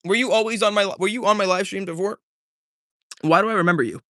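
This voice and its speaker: A laid-back male streamer talks in a slightly higher-than-usual voice, chatty and loose, full of slang as he reads comments and thanks viewers by name. The sound is close and dry, with almost no room around it. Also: quick pace, fairly bright tone, dry recording. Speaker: live streamer. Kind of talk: casual livestream chat, reading out viewer comments.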